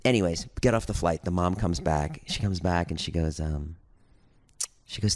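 A man with a low voice speaks at normal speed, co-hosting a podcast and telling a story in relaxed conversation. He's an animated storyteller who acts out what the other people said as he goes.

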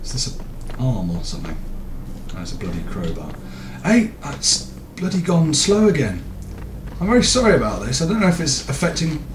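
Swearing gamer, lively voice. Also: male voice, medium pitch, moderate pace. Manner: swearing, self-mocking, jumpy. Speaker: gaming video host. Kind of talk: let's-play commentary. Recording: roomy, distant mic, loud game noise.

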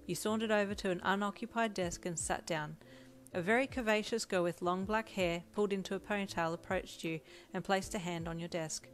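A woman reading a second-person fanfiction story aloud in an even storytelling manner. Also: mid-range voice, a little fast. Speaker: fanfic reader.

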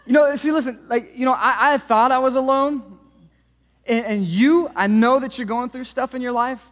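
Pastor, male, 30s, animated storyteller, high voice, big reverberant room. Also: moderate pace. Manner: animated storytelling, swings from hushed to shouting. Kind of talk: sermon. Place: church auditorium. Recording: long hall reverb.

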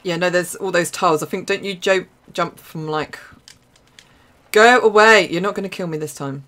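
A young woman with an Essex accent, chatting casually through live gameplay commentary with quick exclamations and frequent laughs. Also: on the low side, fairly even intonation, a bit bright. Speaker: streamer.

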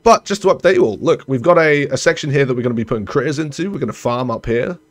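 A young man, casually commenting while playing a colony-building game, rambling and correcting himself as he goes. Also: fast talker. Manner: chatty, rambling, self-correcting, trails off low. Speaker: gaming streamer. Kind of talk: casual let's-play commentary.

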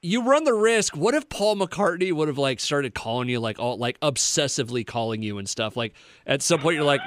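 A man's voice: on the high side, expressive, a little fast, hardly any pauses. A male radio host chatting casually and eagerly with a guest. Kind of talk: casual interview chat.

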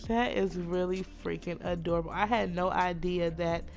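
A woman chatting casually through a life-sim game, gushing over her characters and voicing them in quick asides. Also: lowish voice, flat delivery, soft background music. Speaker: Sims let's play narrator. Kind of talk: casual gameplay commentary.

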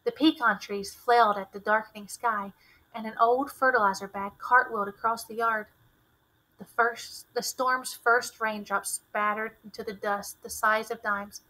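A woman teacher reads a novel aloud and models expressive, fluent reading for her students. Her voice is bright and sits a little high, and her narration is clear and animated. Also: moderate pace, low-quality recording.

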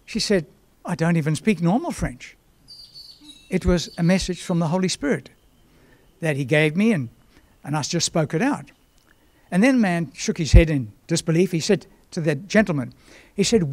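An older man from South Africa preaching a sermon as pastor, telling a long story and often clearing his throat. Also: on the high side, lively intonation, moderate pace, darkish tone, no room sound.

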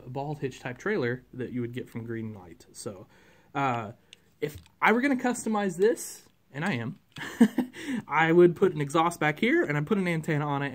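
A man, casually reviewing a model truck in a rambling, chatty way with many fillers. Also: on the high side.

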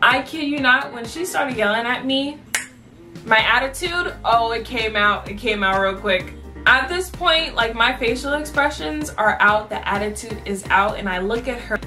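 Sassy bright-voiced woman telling a story. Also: on the high side, normal speed, far from the mic, soft background music. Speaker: vlogger telling cashier stories. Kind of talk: storytime vlog.

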